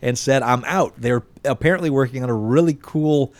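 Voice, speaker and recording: A man's voice: mid-range voice, brisk, no echo. A man co-hosting a casual podcast, chatting loosely and reading news items. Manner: chatty, laughs between lines, swears casually.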